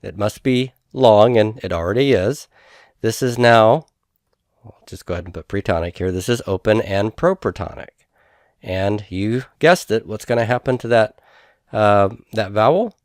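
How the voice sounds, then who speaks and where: A man lectures on grammar in a somewhat low voice, recorded close and dry. He works through each step patiently, spelling out syllables slowly and pausing to check that his students follow. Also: a little mellow, dry recording. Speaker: Hebrew grammar teacher.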